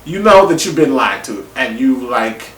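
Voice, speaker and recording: A man giving a casual, animated review of a TV episode, acting out people's reactions in slangy everyday talk. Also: medium pitch, moderate pace. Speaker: TV show reviewer. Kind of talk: casual opinion monologue. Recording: echoey room, mic at a distance.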